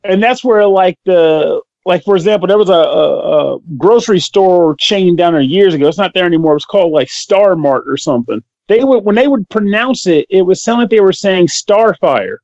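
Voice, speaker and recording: A man's voice: high voice, animated, moderate pace, vocal fry, hardly any pauses, darkish tone, no room sound. Rambling, laughing man on a dull mic. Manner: rambling, self-deprecating, laughs often. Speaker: podcast guest. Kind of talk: casual chat. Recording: dry, dull lo-fi sound.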